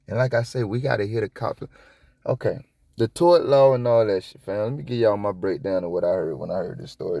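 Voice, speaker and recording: A man giving casual reaction commentary on a police video, rambling and profane, with sudden high-pitched outbursts. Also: creaky, darkish tone, no echo, clean studio sound. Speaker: copwatch commentator.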